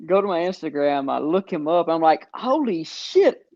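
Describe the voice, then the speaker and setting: Southern man, casual podcast host, unhurried storyteller with fillers, slightly high voice, flat dry lo-fi sound. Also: gravelly, no echo. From American South. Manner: slow storytelling with frequent fillers. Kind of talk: casual chat.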